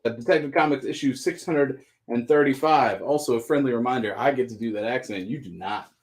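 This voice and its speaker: Running a live sale, a Southern American man keeps the talk casual, cracking jokes while reading off items. He speaks a little fast at a medium pitch.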